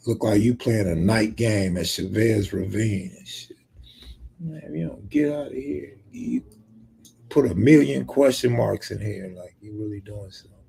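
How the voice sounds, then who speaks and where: A man's voice: fairly low pitch, gravelly, mellow, slightly rough. A man from California, live streaming and casually reading viewer comments aloud, bantering back with joking, profane remarks.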